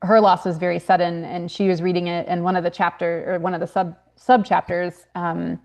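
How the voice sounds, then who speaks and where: A woman's voice: fairly low pitch, flat delivery, fairly quick, a little mellow. A young woman, a grief consultant and author, talking earnestly in a podcast interview with frequent fillers and restarts. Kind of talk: podcast interview, casual conversation.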